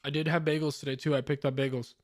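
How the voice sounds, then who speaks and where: A man's voice: on the high side, little pitch movement, fast. A man co-hosting a podcast in casual banter, joking and laughing often. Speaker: podcast co-host.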